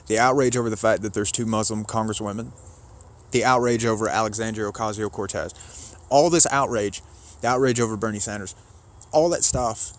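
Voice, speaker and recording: A man giving casual political commentary, argumentative and sarcastic, rambling as he rebuts a clip. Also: medium pitch.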